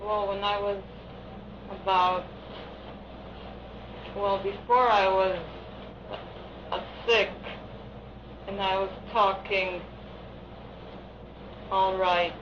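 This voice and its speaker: A woman's voice: medium pitch, little pitch movement. Hesitant woman answering under hypnosis. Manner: hesitant, halting short answers. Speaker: hypnosis patient. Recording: dull archival recording with hiss.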